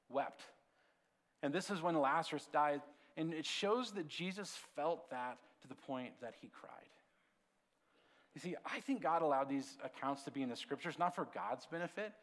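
A man preaching a sermon as pastor, conversational and animated, swinging from lively storytelling to quiet, hushed asides. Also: on the high side. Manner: conversational, animated storytelling with sudden drops to a hush.

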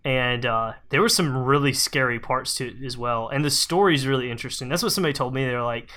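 A man's voice: medium pitch, fast talker, bright, forceful tone. A man co-hosting a video game podcast in casual chat, talking loosely with many fillers and restarts. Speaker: podcast co-host.

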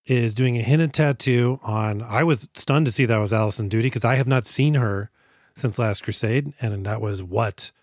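A man's voice: medium pitch, normal speed, no room sound. Man for a casual movie podcast, jokey and crude, recorded dry. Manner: joking, swears, acts out scenes. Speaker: podcast co-host.

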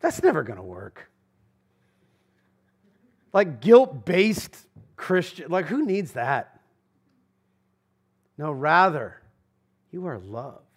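A man preaching a sermon as pastor, talking in a conversational, emphatic way that swings between loud and hushed. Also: a little high, big pitch swings, slow pace, pauses often, slightly rough. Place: church sanctuary.

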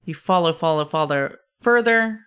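A woman narrating as game master in a tabletop game, describing scenes in a relaxed, rambling way. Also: sits low, moderate pace, clear, resonant tone.

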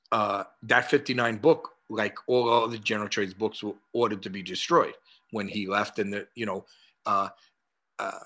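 A man in his sixties with a New York accent, speaking as a guest over a video call. His voice is bright and forceful. He tells stories with animation, acting out each side of a conversation between frequent "uh" fillers. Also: mid-range voice. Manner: animated, acts out dialogue, many "uh" fillers. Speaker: guest, martial arts historian. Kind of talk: conversational storytelling.

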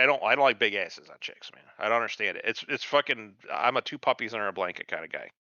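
A man's voice: on the low side, bright, forceful tone, no room sound. A man co-hosting a podcast in casual chat, rambling and swearing a lot. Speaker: podcast co-host. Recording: dull dry lo-fi sound.

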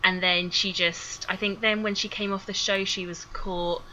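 A woman's voice: mid-range voice, level tone, moderate pace, pushed and bright, a little hiss or hum, low-quality recording. British woman, chatty and scathing. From United Kingdom. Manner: chatty, scathing about public figures. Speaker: guest. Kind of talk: casual podcast chat.

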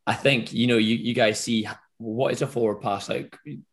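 A Scottish man, a rugby referee, answering interview questions in a relaxed, rambling way with frequent restarts. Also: mid-range voice, moderate pace, gravelly. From Scotland.

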